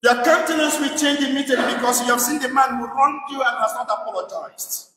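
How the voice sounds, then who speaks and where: A man's voice: very high-pitched, quick pace, pushed and bright. A man, a priest, preaching a sermon emphatically with repeated rhetorical questions, in a church. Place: church in England. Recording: echoey church from a distance.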